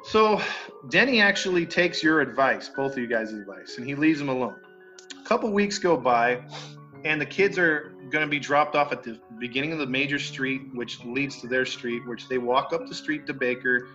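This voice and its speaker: A man casually telling a story on a podcast, acting out the people in it and cursing mildly. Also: mid-range voice. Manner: animated, acts out quoted neighbors, mild cursing. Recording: dull lo-fi sound with faint music.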